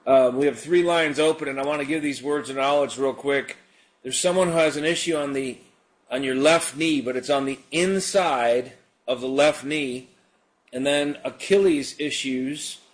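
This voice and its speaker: A man hosting a live call-in prayer show on the radio. He prays and chats in an easygoing, unpolished way, with frequent fillers and restarts. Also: medium pitch. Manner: prays and preaches in a relaxed, conversational way with frequent fillers. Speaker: radio ministry host.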